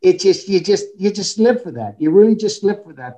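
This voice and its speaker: Animated man telling golf stories. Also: high voice, brisk. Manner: animated storyteller, acts out quoted dialogue. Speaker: golf coach. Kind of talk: storytelling in a podcast interview.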